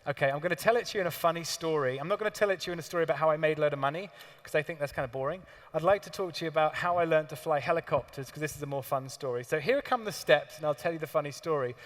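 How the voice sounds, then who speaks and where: A man telling a casual, animated story to a seminar audience. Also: a little high, rapid-fire, long reverb tail. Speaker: trading educator speaking at a seminar. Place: seminar hall.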